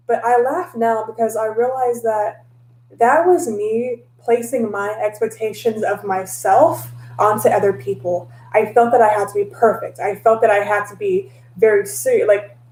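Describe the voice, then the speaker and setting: Cheerful chatty woman in an echoey room. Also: a little high. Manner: animated, acts out her own past lines; laughs often, mixes in mild cursing. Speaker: tarot reader and vlogger. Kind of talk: casual storytelling vlog.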